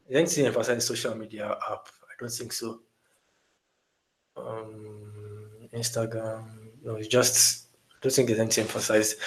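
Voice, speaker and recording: A man with a medium-pitched voice teaches a beginner design class live over a call. He talks in a relaxed, unscripted way, full of fillers and restarts, and keeps checking with his listeners. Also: low-quality recording. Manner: relaxed, many fillers and restarts, asks the audience questions. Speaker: design instructor. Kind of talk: live online lesson.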